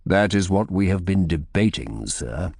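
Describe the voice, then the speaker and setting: A man voicing an older, weary abbot who speaks slowly and hesitantly. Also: low-pitched, expressive, gravelly, a little mellow, husky, no room sound, clean studio sound, heavily acted. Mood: anxious. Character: weary older male abbot, anxious and hopeful.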